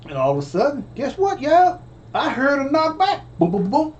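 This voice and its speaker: A man's voice: extremely high pitch, wildly swooping pitch, moderate pace, a little mellow, dull audio, a little hiss or hum. A man telling a personal story in a casual way, stammering, repeating phrases and calling out to his listeners. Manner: stammering, repetitive, addresses audience directly. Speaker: storyteller vlogger.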